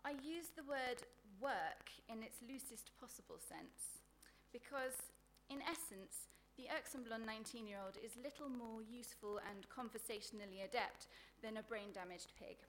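A woman's voice: on the high side, moderate pace, hardly any pauses, fairly bright tone, slight background noise. Sardonic woman reading crude comic prose. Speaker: author reading her work. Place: live book event.

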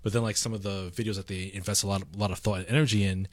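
A man's voice: lowish voice, fairly even intonation, rapid-fire, no echo. A man co-hosting a casual chat, rambling with lots of fillers and restarts. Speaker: podcast co-host.

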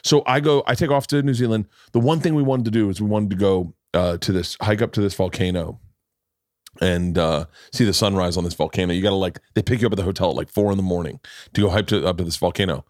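A middle-aged man hosting a podcast, telling a story in a loud, profane, animated way and acting out the voices in it. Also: low-pitched, quick pace, dry recording, clean studio sound. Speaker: podcast host. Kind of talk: casual storytelling chat.

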